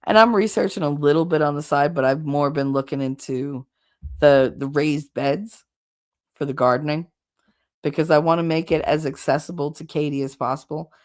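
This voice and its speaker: New Jersey woman, low voice, hoarse, rambling casual livestream chat. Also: steady tone, moderate pace, darkish tone. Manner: chatty, rambling, blunt with swearing. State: going hoarse from long talking. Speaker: livestream host reading chat.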